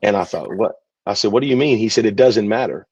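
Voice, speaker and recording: A man, a pastor telling his story in an interview, relaxed and chatty. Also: lowish voice, fast, vocal fry, husky, dry recording. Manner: relaxed, chatty, many fillers. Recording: dull, dry recording.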